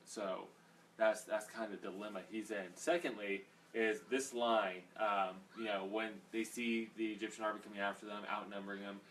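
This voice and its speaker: A man's voice: fairly low pitch, level tone, moderate pace, fairly bright tone, far from the mic. A man leading a casual Bible study, rambling and conversational, with plenty of fillers. He sits a little away from the mic, and faint noise hangs in the background.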